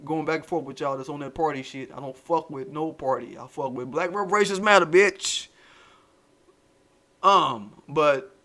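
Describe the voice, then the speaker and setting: Man with a high voice, profane, animated commentary rant. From United States. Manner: profane, animated street slang. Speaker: channel host. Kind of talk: casual commentary livestream.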